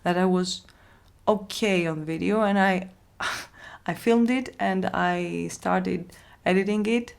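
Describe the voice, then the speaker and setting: A woman ASMR host talking in a halting, heartfelt vlog, with a voice worn from illness and frequent restarts. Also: mid-range voice, vocal fry, clean tone. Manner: halting, repeats herself, soft laughs. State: losing her voice from illness. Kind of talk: emotional casual vlog talk.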